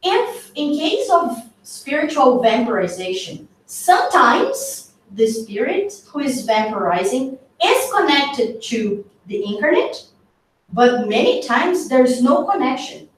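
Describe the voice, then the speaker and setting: Woman workshop speaker, high voice, slow and conversational, recorded from a distance in an echoey hall. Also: very animated. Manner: unhurried, conversational, with fillers and self-corrections. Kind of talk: retelling a book story in a talk. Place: meeting hall.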